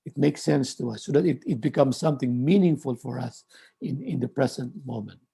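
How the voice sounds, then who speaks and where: A man lecturing on theology in a measured way, often repeating words and restarting phrases. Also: mid-range voice, vocal fry, warm tone, husky.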